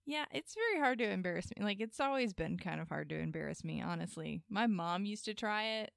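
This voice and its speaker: A woman's voice: mid-range voice, animated, brisk, gravelly, dry recording, studio quality. A young woman hosting a casual podcast chat, giggly and rambling with many fillers. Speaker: podcast host.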